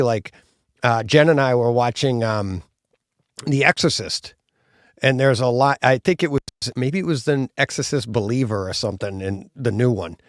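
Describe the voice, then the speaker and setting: A male host with a gravelly, creaky voice talks casually and animatedly about movie sound. The recording is dry and close, with no room echo. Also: mid-range voice. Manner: animated, acts out gunshot sounds. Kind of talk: casual chat.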